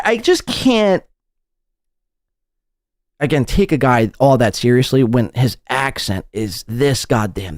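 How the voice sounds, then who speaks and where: A man's voice: on the high side, dry recording, studio quality. A man hosting a podcast, mocking a guest's clip with crude, sarcastic commentary. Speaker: podcast host.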